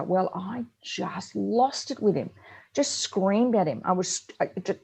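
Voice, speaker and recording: A middle-aged woman, co-hosting a parenting advice chat and telling stories in an animated way. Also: medium pitch, unhurried, creaky, slightly rough. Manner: animated storyteller, acts out her own yelling. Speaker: co-host.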